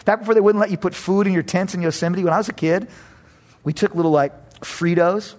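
A middle-aged man preaching a sermon as pastor, animated, swinging between loud and hushed, acting out other voices. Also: sits high, brisk. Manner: acts out voices of kids and critics.

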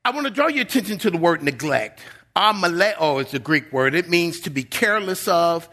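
A man's voice: fairly high pitch, lively intonation, fairly quick. A man preaching a sermon as a guest pastor, earnest and emphatic, often repeating words as he builds a point. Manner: earnest and emphatic, dropping to a soft voice for quotes.

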